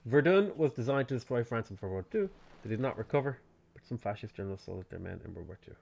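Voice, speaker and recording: Male game streamer, casual live commentary, animated mid-pitched voice. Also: fast talker, gravelly. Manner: chatty, rambling, answers chat questions.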